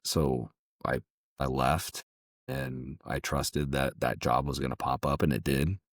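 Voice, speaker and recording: A man, a podcast guest who runs a jiu-jitsu gym, recounting a personal story in a halting way, often repeating his words. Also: very deep voice, no echo, clean studio sound.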